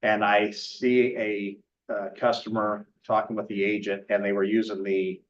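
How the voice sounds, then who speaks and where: A man's voice: lowish voice, little pitch movement, moderate pace, slight background noise. A man, a loan officer, giving a blunt, brash sales talk to a meeting and telling stories. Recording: muffled lo-fi sound.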